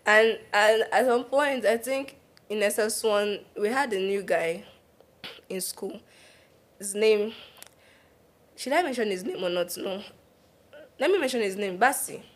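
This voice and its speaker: A young Nigerian woman with a Nigerian accent telling animated stories in a casual podcast chat, laughing and slipping into pidgin. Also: mid-range voice, measured pace, long pauses. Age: young adult. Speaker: podcast co-host.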